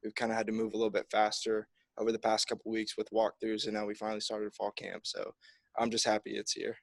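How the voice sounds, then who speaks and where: Young man, college kicker, upbeat, easygoing, even-toned. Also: on the low side, fast talker, vocal fry, dry recording. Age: young adult. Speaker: college football place kicker. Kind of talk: press conference answers.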